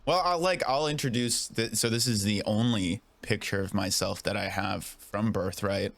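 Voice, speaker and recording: Hesitant man, low and dry. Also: gravelly, fairly bright tone, dry recording. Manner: hesitant, halting, many restarts. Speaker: guest. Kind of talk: casual chat.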